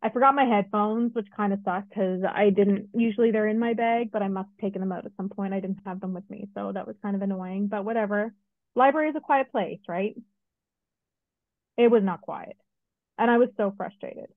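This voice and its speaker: A woman's voice: medium pitch, brisk, no room sound. Middle aged woman chatting on a podcast, tells stories w lots of asides, sounds like a phone line. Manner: storytelling, animated retelling with many asides. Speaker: podcast co-host. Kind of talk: casual chat. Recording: dry, phone-like narrow sound.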